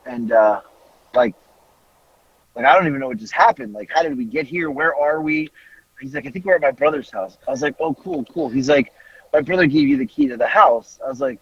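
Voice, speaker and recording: A man, a podcast host telling a story in a casual, animated way, laughing and swearing freely. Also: mid-range voice, fairly quick, breathy edge, dull audio.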